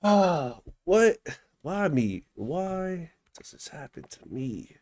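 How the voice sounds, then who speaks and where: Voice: medium pitch, very animated, slow pace, a little mellow. A young adult commentating live over a game, panicky, often repeating words over and over. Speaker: gameplay commentator.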